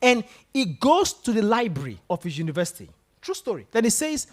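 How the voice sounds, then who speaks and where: This is a man giving a motivational talk to students in a lecture room. His voice rises and falls in a lively, animated way. He tells stories and keeps asking the room questions. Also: high voice, fairly quick. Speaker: guest speaker.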